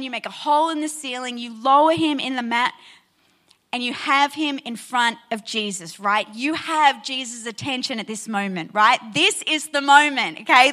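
Preaching with a high-pitched voice, this woman brings a Bible story to life and keeps pulling the congregation in with a repeated "right?".

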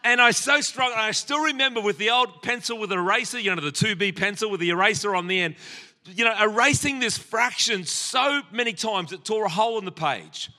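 An Australian man in his sixties delivers a sermon, weaving personal stories and jokes aimed at the people in front of him. His voice sits high for a man. It has a sharp, very bright edge. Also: fairly quick. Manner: storytelling with humor, addressing the congregation.

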